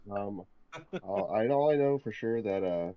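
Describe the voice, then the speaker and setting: Laid-back man with a very low voice. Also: animated, measured pace, muffled recording. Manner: laid-back, hesitant, many fillers. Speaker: podcast co-host. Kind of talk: casual chat.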